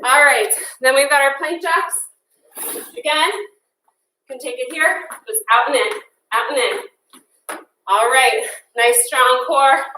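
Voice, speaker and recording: Leading a workout class live, a woman counts down, cheers with whoops, and keeps the energy encouraging. Her voice is high, bright, and forceful, captured from afar in a reverberant room with a touch of hiss or hum.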